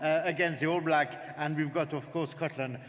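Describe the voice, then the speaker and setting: A man from France with a French accent, a native French speaker, giving a lively, direct political speech to a conference. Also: fairly high pitch, normal speed. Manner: warm-up jokes, lively and direct. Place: large conference hall. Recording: long hall reverb, faint noise.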